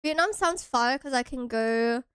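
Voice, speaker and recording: A woman's voice: high voice, expressive, measured pace, very noisy. A young woman from Hawaii chatting casually on a stream, bubbly and giggly, sometimes breaking into squeals.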